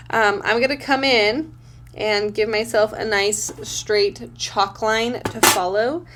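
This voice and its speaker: Chatty, self-deprecating woman vlogging at home. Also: on the high side. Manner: chatty and self-deprecating, thinking aloud with fillers. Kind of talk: casual vlog talk to camera. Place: at home, indoors.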